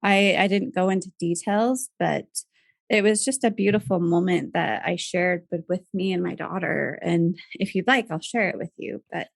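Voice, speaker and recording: A woman in her thirties, a podcast guest, telling a personal family story in a soft voice and laughing through tears. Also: lowish voice, normal speed, gravelly, no echo.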